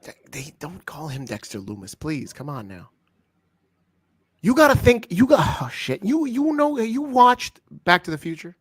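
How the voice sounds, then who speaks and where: A man's voice: high voice, sing-song, normal speed, slightly rough. A man co-hosting a casual wrestling chat, laughing, teasing and arguing his point. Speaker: podcast co-host.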